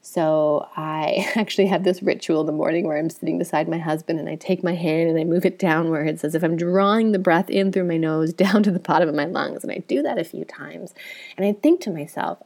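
A woman in her thirties with a low voice and a gravelly edge of vocal fry, hosting her own podcast. As a psychologist, she shares personal stories openly and reflectively, in a candid, confiding tone. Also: brisk, a little mellow.

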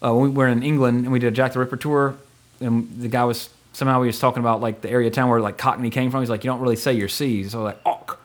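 A man co-hosting a casual movie podcast, rambling through trivia and getting excited and joking as he goes. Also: medium pitch, very fast. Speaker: podcast co-host.

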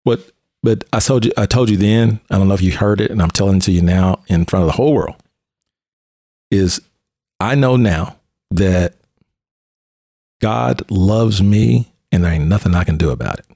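A man hosting a conversation, a police officer and mentor telling a story in an animated way and often restarting his phrases. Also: deep voice, normal speed, long pauses, no room sound, studio quality.

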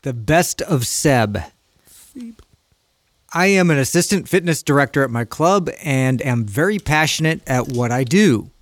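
A man reading a listener's letter aloud in a plain, steady way. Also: a little high, moderate pace, few pauses, dry recording. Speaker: reader of a listener question.

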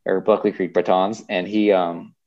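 Young guy with a real low voice, rambly and emotional, lots of likes and um, kinda dull lo-fi sound. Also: flat delivery, moderate pace, a little mellow. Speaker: podcast guest. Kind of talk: casual chat.

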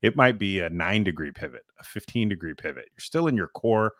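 A man's voice: sits low, lively intonation, fairly bright tone, no echo, studio quality. A man co-hosting a podcast, making emphatic points with analogies and frequent "right?" checks. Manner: emphatic, explains with analogies and quick rhetorical "right?". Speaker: podcast co-host. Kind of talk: casual podcast chat.

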